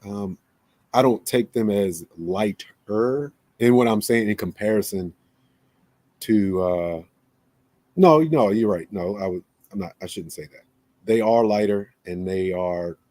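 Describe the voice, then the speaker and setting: A man's voice: low voice, a little mellow, no room sound. A man hosting a casual monologue, rambling and often correcting himself mid-sentence. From United States. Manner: rambling, self-correcting, conversational. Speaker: podcast host.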